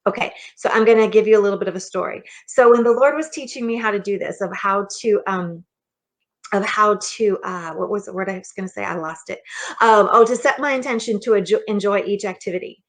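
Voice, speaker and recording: An earnest middle-aged woman preaching a casual motivational sermon. She speaks in a mid-range voice, conversational and a little rambling, often pausing to ask "okay?" Her talk feels like friendly coaching rather than formal preaching. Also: medium pitch. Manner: earnest and conversational, with frequent restarts and "okay?" check-ins. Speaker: minister and mindset coach.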